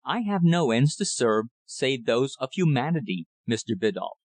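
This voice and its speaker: A man voicing an older, thin-faced country rector with a slow clerical drawl and a cynical edge. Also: medium pitch, big pitch swings, a little mellow, no room sound, natural voice. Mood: grave, warning.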